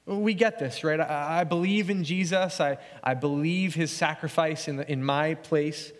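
A man preaching a sermon as pastor, conversational and earnest, going quiet and soft when he reads scripture. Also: fairly high pitch, steady tone, moderate pace, hardly any pauses, big-room sound.

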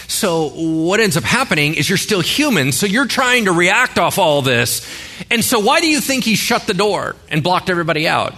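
A man's voice: fairly high pitch, bright, forceful tone. A male pastor giving a sermon in a conversational way, with joking asides and rhetorical questions.

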